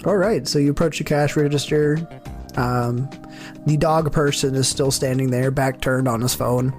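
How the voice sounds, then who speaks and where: A man's voice: mid-range voice, steady tone, moderate pace, a little mellow, soft background music. A man narrating as game master of a tabletop game, casual and laughing easily.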